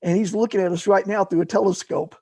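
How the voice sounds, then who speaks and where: Gravelly rambling storyteller man. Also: sits high, steady tone, fast talker, darkish tone, dry recording. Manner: rambling, lots of fillers and restarts. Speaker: guest, paramotor fly-in organizer. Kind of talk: casual storytelling.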